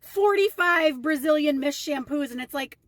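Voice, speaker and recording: A woman's voice: high-pitched, normal speed, fairly bright tone, dry recording. A young woman telling a casual storytime rant to her followers, chatty and indignant. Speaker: storytime vlogger.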